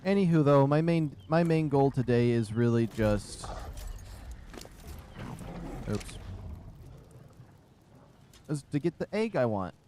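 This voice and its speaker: A man's voice: medium pitch, expressive, slow, long pauses, mellow, a little hiss or hum. A man streaming a game live, chatting casually and rambling to his viewers in his room, a little short of breath. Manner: chatty, rambling, chuckles to himself. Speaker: livestream gamer. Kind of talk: casual gameplay commentary.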